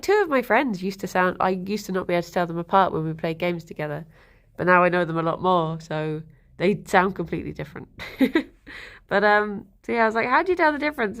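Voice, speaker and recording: A woman streamer chatting casually on a livestream, answering her chat and cooing to her pet rabbits. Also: medium pitch.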